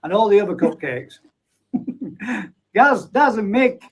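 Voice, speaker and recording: A man with a high, breathy-edged voice hosts a live chat stream, speaking slowly but animatedly on a low-quality recording. He's chatty, reading viewer comments and names aloud and bantering casually with his guests.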